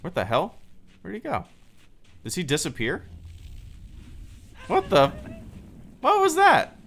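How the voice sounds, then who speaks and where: A man's voice: high voice, huge pitch swings, measured pace, a bit bright. A man hosting a live stream, chatting casually and loosely while he plays, with plenty of fillers and restarts. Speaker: streamer and channel host.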